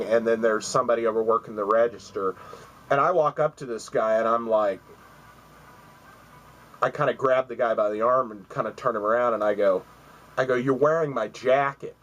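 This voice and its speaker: A man's voice: mid-range voice, fairly bright tone, low-quality recording. A man in his forties spins a long, rambling story straight to camera, swearing freely. He acts out the other people's lines in his own mid-range voice. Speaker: vlogger.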